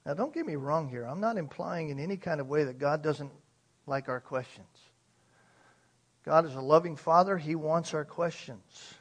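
A man's voice: a little high, normal speed. A man preaching a sermon with emphasis, posing rhetorical questions to his listeners. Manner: emphatic, uses rhetorical questions and acted quotes.

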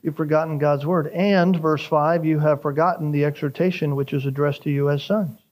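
A male pastor delivering a sermon with a fairly high voice. He preaches emphatically, lifting his pitch to stress key phrases. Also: steady tone, moderate pace, darkish tone.

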